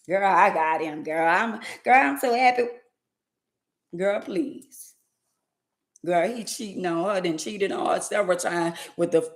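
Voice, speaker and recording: A woman, talking sassily to her live audience in an animated, preachy monologue. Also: medium pitch. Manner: sassy, preachy, drawn-out exclamations and laughs.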